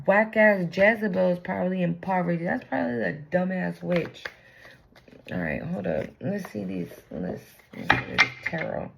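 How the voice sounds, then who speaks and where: Slow, gravelly woman reading tarot. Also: medium pitch, lo-fi sound, a little hiss or hum. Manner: blunt and profane, slangy. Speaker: tarot reader.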